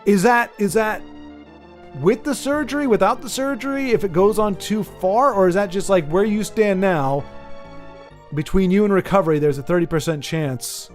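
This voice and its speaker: Rambling American man streamer, a bit high. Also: normal speed, faint music behind. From United States. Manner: rambling, many restarts, sympathetic. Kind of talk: casual chat with viewers.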